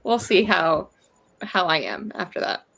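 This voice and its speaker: A woman's voice: lowish voice, very animated, measured pace, vocal fry, a bit bright, breathy edge, low-quality recording. A woman in casual chat, easygoing and agreeable, often affirming what others say.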